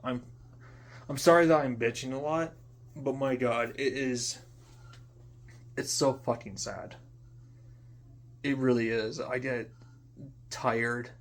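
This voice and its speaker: Young man, vlog rant, mid-pitched, profane, repetitive, drops to mutters. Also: fairly even intonation, slow pace, long pauses. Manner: frustrated, profane, repeats himself, trails off into quiet mutters. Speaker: vlogger. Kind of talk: unscripted ranting monologue.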